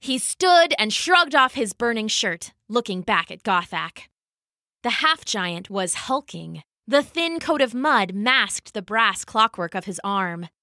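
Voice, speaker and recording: A woman storyteller reading a children's adventure story in an expressive, animated way. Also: mid-range voice, slow, dry recording, studio quality. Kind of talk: scripted children's story narration.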